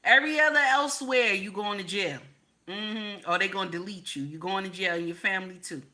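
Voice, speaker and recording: Forceful, profane American woman ranting. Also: mid-range voice, fairly quick. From United States. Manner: profane, emphatic, repeats her points. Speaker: livestream host. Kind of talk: live-stream rant to viewers.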